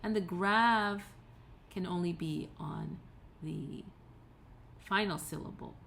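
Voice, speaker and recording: A woman's voice: on the low side, takes it slowly, vocal fry, a bit bright, a little hiss or hum. A woman giving a recorded tutorial lecture, explaining patiently step by step with occasional fillers and self-corrections. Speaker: teacher.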